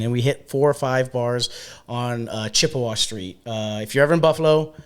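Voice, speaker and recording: A young man hosting a podcast in a bar, telling stories in a loose, profane and animated way. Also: medium pitch, moderate pace, smooth. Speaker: podcast host, bartender. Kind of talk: casual storytelling chat.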